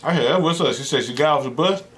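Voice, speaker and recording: A young man eats on camera and chats casually, his fairly high voice moving fast. As a mukbang host, he tells stories with plenty of energy and does impressions of the people in them.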